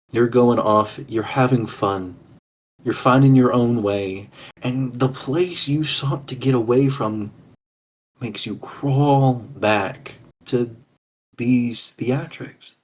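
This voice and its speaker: A man playing a persuasive male defense lawyer in a tabletop game, with measured courtroom speech in his own slightly husky voice. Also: medium pitch. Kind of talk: tabletop game role-play.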